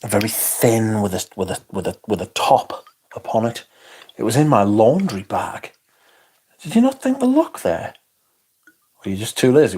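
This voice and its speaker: This livestream host speaks fairly low, and his voice is husky and somewhat dark. He wanders loosely through the viewer comments in a relaxed, chatty way, laughing a lot and cursing now and then.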